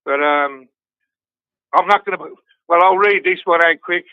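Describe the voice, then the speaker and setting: A man's voice: sits high, unhurried, smooth, no room sound. A man, talking bluntly and swearing freely on a call, then reading out his own poem. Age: 60s. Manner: blunt, sweary, self-mocking. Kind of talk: casual chat and poem recital on a call. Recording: tinny phone line, dry.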